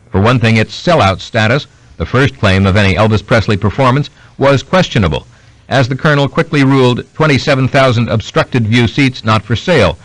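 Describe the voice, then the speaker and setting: A man reading a biography aloud as an audiobook narrator, in steady scripted narration. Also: mid-range voice, dry recording, low-quality recording. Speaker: audiobook reader.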